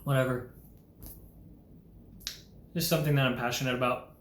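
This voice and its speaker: A man's voice: medium pitch, steady tone, normal speed, reverberant, a little hiss or hum. A young man delivering an impassioned, earnest preaching monologue as a Christian vlogger, urgent and full of rhetorical questions.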